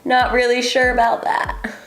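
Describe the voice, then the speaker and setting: A woman's voice: a little high, completely flat delivery, measured pace. A young woman making a casual makeup tutorial, chatty and rambling with lots of ums. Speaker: beauty vlogger. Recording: echoey room, faint music.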